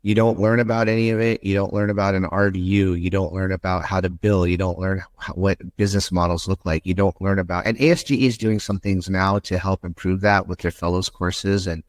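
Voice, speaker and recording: Low-voiced man hosting a podcast. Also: steady tone, fairly quick, few pauses, no echo. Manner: rambling, candid, with asides and restarts. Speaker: podcast host, interventional endoscopist. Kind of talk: conversational podcast chat.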